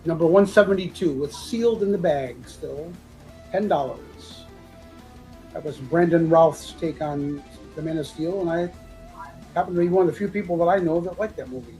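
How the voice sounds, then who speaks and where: A man's voice: fairly high pitch, normal speed, a little mellow, faint music behind, poor audio. Congested man running a live comic auction. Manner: loose, joking, throat-clearing. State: congested from a sinus infection. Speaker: auction seller.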